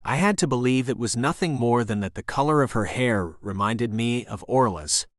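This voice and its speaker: A man's voice: medium pitch, expressive, moderate pace, dry recording, studio quality. A man narrating a first-person romance audiobook in a wry, conversational way.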